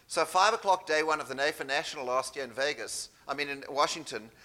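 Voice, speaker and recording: A man's voice: medium pitch, sharp tone. A man with a South African accent giving a conference breakout talk, chatty and full of anecdotes and self-deprecating humor. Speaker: keynote speaker.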